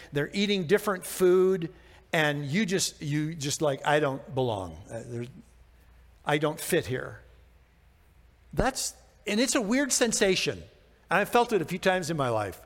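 High-voiced pastor preaching in a reverberant hall. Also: male voice. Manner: conversational, self-deprecating preaching with rhetorical questions. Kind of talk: sermon.

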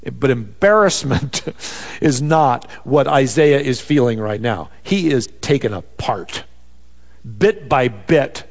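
A man's voice: mid-range voice, expressive, slow pace, gravelly. Preaching man in a reverberant hall. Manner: conversational preaching with many "you know" fillers. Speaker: pastor. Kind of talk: sermon. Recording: dull sound with long reverb.

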